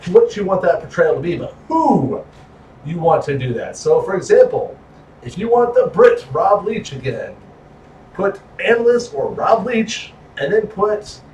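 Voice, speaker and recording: A man hosting a casual wrestling podcast, joking and animated. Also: a little hiss or hum. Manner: animated, joking, pitch jumping around. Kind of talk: casual chat. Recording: echoey room, mic at a distance.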